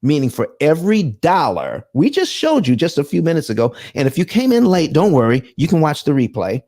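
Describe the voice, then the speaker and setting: Guy running a live money stream, fairly high voice that swings all over, preachy and dramatic. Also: huge pitch swings, brisk, a little mellow. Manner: emphatic, preacher-like delivery with dramatic asides. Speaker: host of a live personal finance stream. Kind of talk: live-streamed finance presentation.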